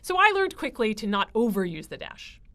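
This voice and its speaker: A woman giving a writing lecture, explaining clearly with frequent fillers. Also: a little high, very animated, fairly quick, sharp tone. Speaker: writing instructor.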